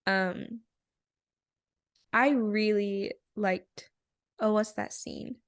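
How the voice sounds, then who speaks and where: A young woman co-hosting a podcast, chatting casually and telling animated stories with frequent giggles. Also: mid-range voice, very slow. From rural area. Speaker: podcast co-host. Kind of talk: casual chat.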